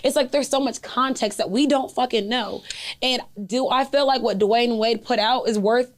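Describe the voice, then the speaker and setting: Laid-back young woman cohost, bit high pitched, laughs a lot. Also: moderate pace. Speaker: podcast co-host. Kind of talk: casual chat.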